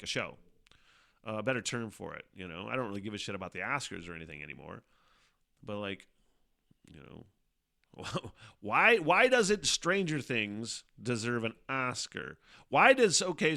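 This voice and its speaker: A middle-aged man hosting a casual solo podcast, rambling and swearing often, animated, with frequent laughs. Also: fairly low pitch. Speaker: podcast host.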